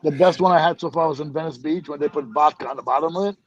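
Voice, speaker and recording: Relaxed man, somewhat dull-sounding audio. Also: on the high side, racing. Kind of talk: casual group chat.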